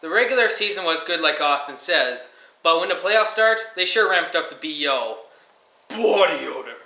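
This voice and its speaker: A man's voice: fairly high pitch, animated, normal speed, pushed and bright. Goofy teenage boy in an echoey room. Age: teens. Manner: silly, goofy bathroom humor. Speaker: co-host. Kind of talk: jokey hockey preview chat.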